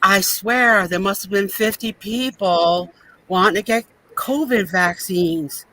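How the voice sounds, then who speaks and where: A woman's voice: medium pitch, slow, fairly bright tone, a little hiss or hum, rough recording. A woman playing a weary young female pharmacy worker who sighs and complains over a video call. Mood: exasperated. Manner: sighing, complaining, exasperated.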